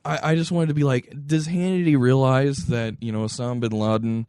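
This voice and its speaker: A man in casual podcast talk, rambling and restarting his sentences as he goes. His voice sits at an ordinary middle pitch. The sound is close and dry, with no room echo. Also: steady tone, fairly quick, dark tone, smooth. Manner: rambling, many restarts and fillers. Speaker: podcast co-host. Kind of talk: casual chat.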